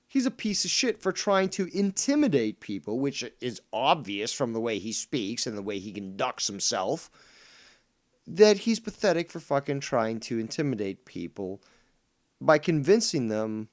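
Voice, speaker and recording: A man in full rant, cursing constantly and mocking others. His pitch swings widely, and his voice drops to a mutter before bursting out loud. He has been drinking and smoking as he talks. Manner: profane, angry ranting with mocking put-on voices. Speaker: podcast host. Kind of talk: casual ranting chat.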